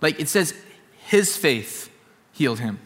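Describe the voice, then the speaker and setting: A man's voice: on the high side, very animated, slow pace, fairly bright tone, in a large hall. A man preaching a sermon as a pastor, earnest and repeating his points for emphasis.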